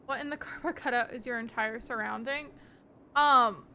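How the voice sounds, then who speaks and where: A woman's voice: fairly high pitch, normal speed, pushed and bright. A young woman streaming live, chatting casually with her viewers in a rambling, giggly way with lots of ums.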